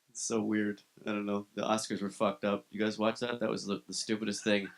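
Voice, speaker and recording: A man doing a live stand-up set in a comedy club, telling dark, self-deprecating jokes and talking with the crowd. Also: lowish voice, little pitch movement, moderate pace, vocal fry.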